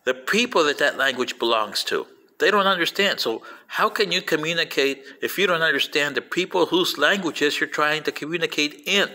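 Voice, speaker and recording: A man, a Spanish speaker by birth, tells stories to an audience and keeps turning to them with direct asides. His voice is bright and edged, and it leaps upward whenever he stresses a point. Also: moderate pace, few pauses. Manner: animated, pitch jumping on emphasis; addresses listeners directly with asides. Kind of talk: storytelling talk.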